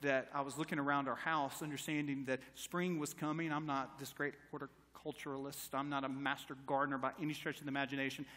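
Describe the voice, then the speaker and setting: A man's voice: mid-range voice, little pitch movement, quick pace, hardly any pauses, bright, forceful tone. A man in his thirties preaching a sermon as pastor, telling stories and building to emphatic appeals. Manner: storytelling with acted quotes, rising to emphatic preaching. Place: church sanctuary. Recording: long church reverb.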